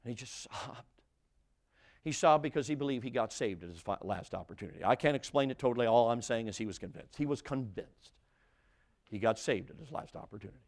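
A man preaching a sermon as a story, repeating phrases and restarting, dropping from loud, emphatic lines to hushed ones. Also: medium pitch, expressive, a little fast. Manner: dramatic, swings from loud to hushed.

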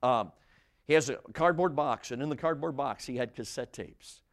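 A male preacher tells a story from the pulpit at an ordinary middle pitch. He builds to loud, emphatic lines, then drops almost to a hush, and he often repeats phrases and restarts them. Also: moderate pace, gravelly. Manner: dramatic, swings from loud to hushed. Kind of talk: sermon storytelling.

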